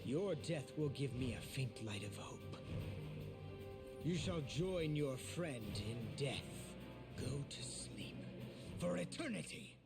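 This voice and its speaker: An actor playing a cold, grim male knight who speaks in a slow, menacing way in a video game. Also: mid-range voice, animated, over loud music. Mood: cold menace.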